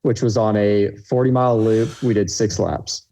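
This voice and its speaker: Low, mellow-voiced young man. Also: steady tone, moderate pace. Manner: easygoing, laughs while telling the story. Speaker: racecar driver guest. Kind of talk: casual podcast interview.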